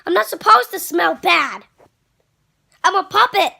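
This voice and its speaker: A man's voice: extremely high pitch, lively intonation, measured pace, vocal fry, sharp tone, voice pushed up, heavily acted. A man voicing a self-pitying puppet father in a homemade puppet comedy, complaining in a whiny way.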